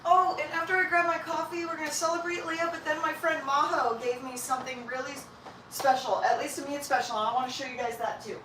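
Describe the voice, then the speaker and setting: A woman's voice: high voice, fairly even intonation, fast, bright, forceful tone, slight background noise. Bubbly Californian woman chatting on a livestream. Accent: Californian, slight New York. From San Diego, California. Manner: chatty, bubbly, talks to her pets and viewers. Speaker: vlogger. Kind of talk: casual livestream chat.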